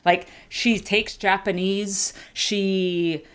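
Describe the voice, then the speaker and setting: A middle-aged woman and mother telling a comic story in casual chat, acting out her daughter and herself in sudden high, laughing voices. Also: drawn-out words, clear, resonant tone. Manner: animated, acts out quotes with big pitch jumps, laughing.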